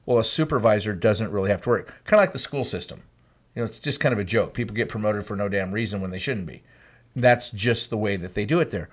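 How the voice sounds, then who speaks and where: A man's voice: on the low side, fast. A man co-hosting a podcast, telling a long rambling story in casual, blunt chat. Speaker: podcast co-host.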